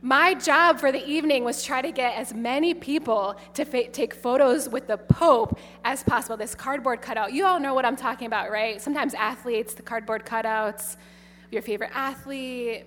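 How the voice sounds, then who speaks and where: A woman's voice: on the high side, a bit bright. A nun with a New York accent giving a faith talk to young people, telling stories with energy and repeating her key phrases. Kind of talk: faith talk to high schoolers. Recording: echoey hall with faint hum.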